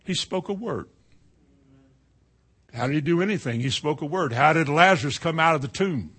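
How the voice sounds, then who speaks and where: A middle-aged man preaching a sermon in a folksy storytelling way, dropping to a hush and then rising to loud cries. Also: a little high, animated, moderate pace, husky.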